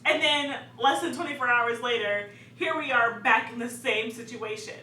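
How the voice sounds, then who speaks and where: Animated young woman, bright echoey voice. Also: a little high, moderate pace. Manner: animated, laughing often, dramatic. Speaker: vlogger. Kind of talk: casual storytelling. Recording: echoey room, distant mic, faint hum.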